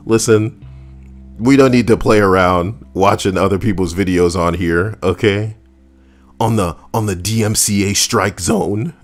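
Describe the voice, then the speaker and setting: Deep-voiced man riffing with his chat. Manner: wry, chatty, talks back to chat. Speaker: live-stream reaction host. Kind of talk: casual live-stream commentary.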